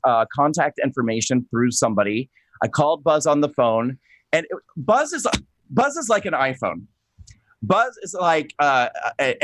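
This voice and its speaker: A man hosting a political talk show, excitable and gushing, rambling with many restarts and self-corrections. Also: mid-range voice, no echo, rough recording. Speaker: host.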